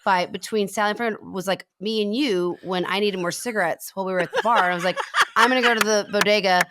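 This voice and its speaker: A middle-aged woman co-hosting a casual comedy podcast in a playful manner, quick to slip into impressions. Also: mid-range voice, steady tone, very noisy. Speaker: podcast co-host.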